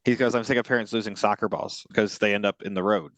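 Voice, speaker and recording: Low-voiced man, dry close sound. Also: fairly even intonation, quick pace, dry recording. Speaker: podcast host and parent. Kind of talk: casual podcast chat.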